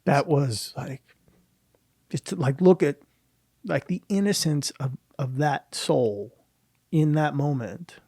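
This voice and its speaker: A middle-aged man, a guest and motivational speaker, telling a personal story with emotion and pausing often to search for his words. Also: on the high side, darkish tone, husky, no room sound, studio quality. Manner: halting, searching for words, many restarts.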